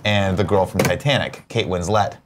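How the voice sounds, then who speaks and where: A man's voice: low-pitched, noisy background. A man co-hosting a casual morning show, joking and swearing as he chats. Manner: joking, profane, fast-talking. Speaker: show co-host.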